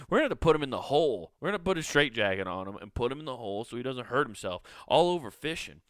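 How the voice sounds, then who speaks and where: A man's voice: mid-range voice, lively intonation, fast talker, hardly any pauses, fairly bright tone, dry recording. A man hosting a solo comedy podcast, ranting in a profane, rambling, incredulous way on a close podcast mic. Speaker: podcast host.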